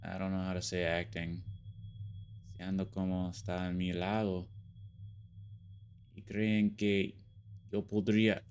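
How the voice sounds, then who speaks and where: A man voicing a weary young male engineer held as a suspect, in a put-on Mexican accent with slow, Spanish-laced lines. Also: sits low, little pitch movement, a little mellow, slight background noise.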